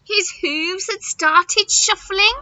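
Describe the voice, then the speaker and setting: A woman teacher reading a picture book aloud to children, expressive and asking them questions as she goes. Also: very high-pitched, takes it slowly, no room sound, poor audio. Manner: expressive, warm-toned questioning of young listeners.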